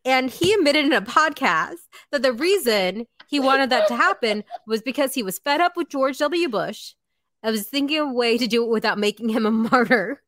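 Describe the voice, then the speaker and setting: A woman's voice: on the high side, lively intonation, normal speed, a bit bright, no echo, studio quality. A woman hosting a casual podcast, laying out facts she looked up in a matter-of-fact way.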